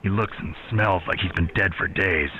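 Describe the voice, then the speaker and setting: An actor voicing a grizzled male soldier in video game clips, speaking in terse, grim lines with a gravelly voice. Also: deep voice, moderate pace, dull audio, heavy background noise, natural voice.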